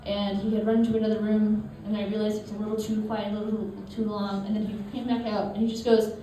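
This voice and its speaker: A woman's voice: medium pitch, monotone, fast, mellow, a little hiss or hum. A woman in her thirties from suburban Massachusetts, casually telling anecdotes on stage with a chatty manner and frequent laughs. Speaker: storyteller. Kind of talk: live stage storytelling. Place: live show venue. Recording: echoey room, mic from far off.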